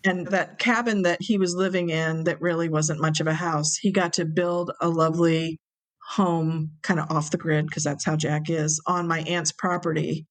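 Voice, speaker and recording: A woman telling a story as an interview guest, animated and acting out the people she quotes. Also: deep voice, moderate pace. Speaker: interview guest, brewery owner.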